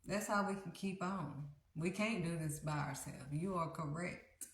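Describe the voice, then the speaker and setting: A woman's voice: lowish voice, unhurried. A woman hosting a faith livestream, preaching in an earnest, conversational, repetitive way. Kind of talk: casual devotional preaching. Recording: roomy echo.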